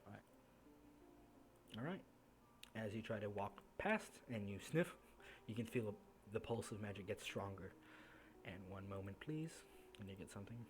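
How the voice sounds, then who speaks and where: A man's voice: on the low side, lively intonation, normal speed, pauses often, slight background noise. A man narrating as game master in a casual, filler-heavy way, laughing at his own slips. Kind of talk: narrating a tabletop game over voice chat.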